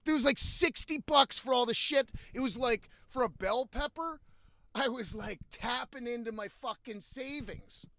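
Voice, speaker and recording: A young man with a fairly high voice rants bluntly about his life, swearing freely and sounding fed up. The sound is dry and close, with almost no room around it. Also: unhurried, pushed and bright, no echo. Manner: profane, blunt, frequently exasperated. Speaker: vlogger. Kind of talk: casual storytelling rant.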